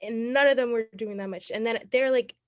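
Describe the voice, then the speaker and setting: A woman's voice: fairly high pitch, brisk, dry recording. An eighteen-year-old woman, a city council candidate answering interview questions earnestly, rambling and laughing often.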